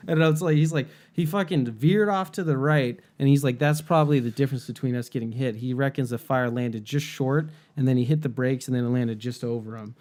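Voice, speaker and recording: A man co-hosting a casual podcast, telling a story with animated energy and free swearing. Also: medium pitch, brisk, hardly any pauses. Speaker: podcast co-host.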